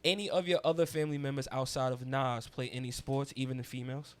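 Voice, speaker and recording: A man hosting a studio interview in a casual, slangy way, giving lots of shout-outs. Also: medium pitch, quick pace. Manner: relaxed slangy talk, hypes up guests with shout-outs. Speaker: podcast host. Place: recording studio.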